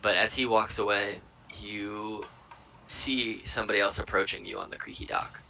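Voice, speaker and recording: A man narrating as dungeon master in a relaxed, rambling way. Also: fairly low pitch, normal speed, a little hiss or hum, poor audio. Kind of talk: narrating a tabletop game.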